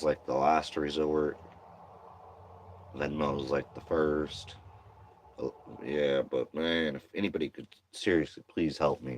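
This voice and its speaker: A man's voice: extremely low pitch, no echo. A tired man venting to camera in a slangy, profane monologue, worn down and getting heated. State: exhausted.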